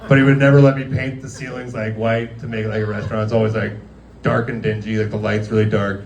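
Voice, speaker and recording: A man's voice: fairly low pitch, flat delivery, fast, gravelly, darkish tone, slight background noise. A man doing a stand-up comedy set, rambling through stories with lots of fillers and acted-out quotes. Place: guerrilla comedy show venue. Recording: echoey room from far off.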